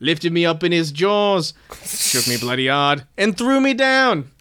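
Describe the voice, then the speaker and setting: A man's voice: on the high side, big pitch swings, a little slow, background noise. A man doing Ian Malcolm in a shaky British accent. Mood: hammy. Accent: shaky put-on British. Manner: loud, theatrical read-aloud. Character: rough-spoken male mathematician recounting dinosaur attack.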